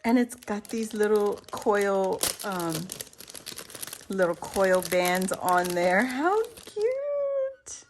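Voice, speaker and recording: Woman crafter, unhurried delivery, gasps and gushes over a craft haul at home, average pitch. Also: flat delivery, slight background noise. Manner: gushing, exclaims and gasps often, laughs between lines. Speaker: crafting YouTuber.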